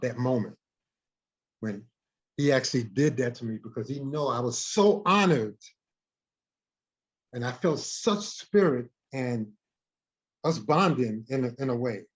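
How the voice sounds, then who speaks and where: A man, a guest in an interview, telling a story in an animated way, often repeating and restarting words. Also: medium pitch. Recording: dull lo-fi recording.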